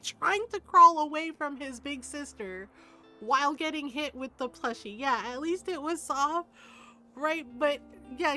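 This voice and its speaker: An older woman streamer telling a family story in casual chat, animated and laughing often, with frequent asides of "right?". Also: high voice. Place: home streaming setup.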